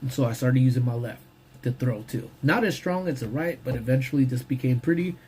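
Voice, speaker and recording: A man casually chatting on a live stream from his parked car during lunch, slangy and relaxed, greeting viewers as he eats. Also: medium pitch, fairly quick, a little hiss or hum. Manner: laid-back, slangy, greets viewers by name. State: talking while eating.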